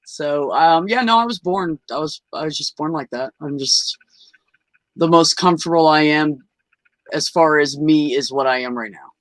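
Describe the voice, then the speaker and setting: A man's voice: a little high, moderate pace, a bit bright, dry recording. A man telling candid personal stories as a podcast guest over a video call, rambling and frank, with lots of "you know" and "like".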